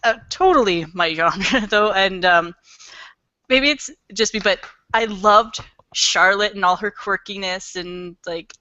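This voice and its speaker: A woman's voice: medium pitch, unhurried, pushed and bright, no echo, dull audio. A woman in a book club chatting eagerly about a novel, laughing often and acting out lines as she retells them. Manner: enthusiastic, giggly, acts out voices when retelling. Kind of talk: casual chat.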